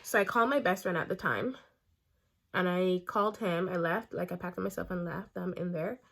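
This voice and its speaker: A young woman vlogger telling a casual story time while doing her makeup, animated and chatty, acting out the quotes. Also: on the low side, normal speed, creaky. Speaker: beauty vlogger.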